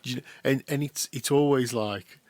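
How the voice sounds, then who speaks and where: A man's voice: mid-range voice, normal speed, no room sound. A man telling a funny story on a casual podcast, sweary and laughing often, acting out other people's lines. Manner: animated, sweary, laughs often, acts out voices in anecdotes. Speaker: podcast co-host.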